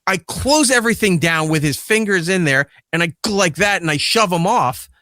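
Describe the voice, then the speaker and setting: A man's voice: sits high, moderate pace, slight background noise. A man who hosts a podcast, telling a casual story with lots of swearing and acting out the quoted lines. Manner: profane, animated retelling that acts out quoted lines. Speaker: podcast host and father.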